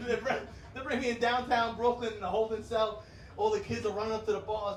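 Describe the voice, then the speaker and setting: Brash high-pitched New comic. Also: male voice, steady tone, brisk, a little hiss or hum. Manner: brash, crude, keeps laughing at his own jokes. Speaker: stand-up comedian. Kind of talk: stand-up set. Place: comedy club stage. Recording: echoey club sound from a distance.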